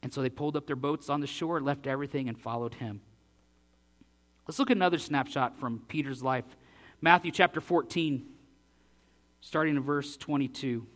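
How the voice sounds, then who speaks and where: A male pastor preaching a sermon and reading scripture aloud, acting out the dialogue with big swings in loudness. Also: mid-range voice, normal speed, pauses often.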